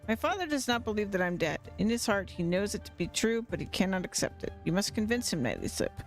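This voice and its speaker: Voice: medium pitch, big pitch swings, fast talker, soft background music. A streamer voicing the ghost of a young village woman who solemnly pleads for help.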